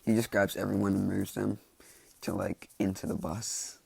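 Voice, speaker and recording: A man with a low, deeply gravelly voice rambles casually through a made-up story. His tone is dark and husky, and the dry sound sits close and plain. He keeps stopping and restarting, padding it all with "like" and "you know.". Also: flat delivery, normal speed, dry recording. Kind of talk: casual storytelling of fan fiction ideas.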